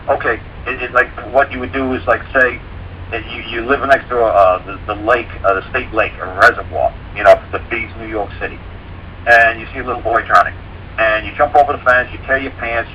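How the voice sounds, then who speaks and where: A man's voice: medium pitch, fairly even intonation, fairly quick, lo-fi sound, a little hiss or hum. A man talking as a guest on a radio show, blunt, folksy and profane, explaining things through homespun stories. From rural mountain area. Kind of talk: casual radio talk.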